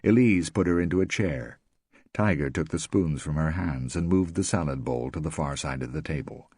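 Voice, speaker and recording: Deep, husky male audiobook narrator. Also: normal speed, no room sound, clean studio sound. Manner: steady, expressive reading. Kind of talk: scripted narration.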